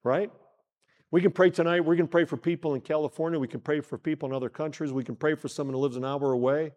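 A middle-aged man preaching a sermon in a slightly higher-than-average voice. He leans on rhetorical questions and dramatic pauses, and he acts out the dialogue in the stories he tells. His voice rings with the long reverb of a large hall. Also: fairly even intonation, a little mellow. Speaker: pastor.

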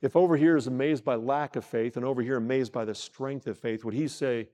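A middle-aged man preaching a sermon, asking the congregation questions, pausing for effect and acting out short exchanges in the story. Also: medium pitch, steady tone, dark tone. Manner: preaching with rhetorical questions, dramatic pauses and retold dialogue. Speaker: pastor. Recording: long hall reverb.

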